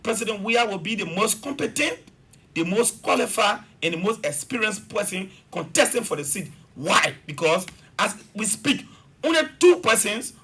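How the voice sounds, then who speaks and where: A man's voice: high voice, very animated, moderate pace, sharp tone, breathy edge. A man with a Liberian accent, a government official making an emphatic, repetitive political argument as a talk-show guest.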